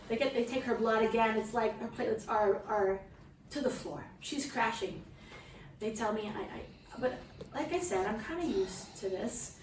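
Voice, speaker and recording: A woman's voice: medium pitch, normal speed. A woman in middle age tells an emotional personal story to a small group, earnest and often restarting her sentences. She is picked up from across an echoey room, and a faint background hiss runs under her voice. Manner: earnest, heartfelt, frequent restarts and asides to listeners. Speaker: mother sharing a testimony. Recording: roomy, distant mic with faint background noise.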